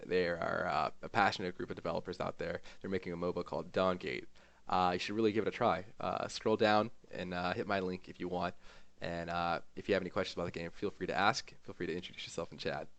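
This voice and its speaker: A man streamer giving an emotional, rambling farewell to his gaming community, with lots of fillers and pauses. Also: deep voice, steady tone, vocal fry, fairly bright tone. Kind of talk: heartfelt farewell vlog.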